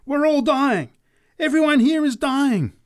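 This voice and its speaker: A man voicing a fiery woman street preacher who cries out and screams her warnings, pitched far above his own voice and loud. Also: lively intonation, measured pace. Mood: screaming.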